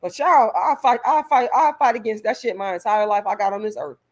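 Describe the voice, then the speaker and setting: A woman's voice: mid-range voice, steady tone, brisk, darkish tone, dull audio. A woman vlogger delivering a heated, profane rant straight to her viewers, stumbling over repeated words as she pushes her point. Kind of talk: direct-to-camera rant.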